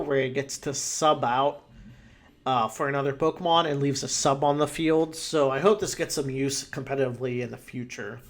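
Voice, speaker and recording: A man in casual, rambling commentary, ranking a full list of creatures with frequent swearing and fillers. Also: a little high. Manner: laid-back, profane, rambling with fillers. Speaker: podcast host ranking game creatures.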